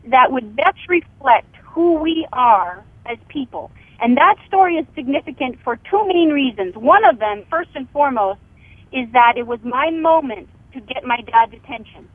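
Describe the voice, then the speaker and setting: A woman's voice: high voice, dry recording. A middle-aged woman, an author and radio guest, telling a family story and acting out the voices in it. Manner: vivid storyteller, acts out quoted dialogue. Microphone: telephone. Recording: tinny phone line.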